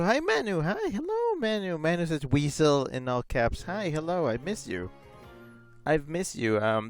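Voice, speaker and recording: A man's voice: medium pitch, clear, resonant tone, dry recording. A man chatting casually on a live gaming stream, rambling with lots of fillers and reading chat messages aloud.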